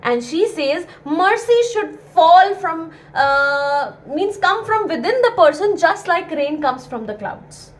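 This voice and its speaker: A woman's voice: very high voice, animated, takes it slowly, hardly any pauses, low-quality recording. A young woman, explaining a play to students in an earnest, repetitive way with many fillers. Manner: earnest, repeats key points with many fillers. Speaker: teacher.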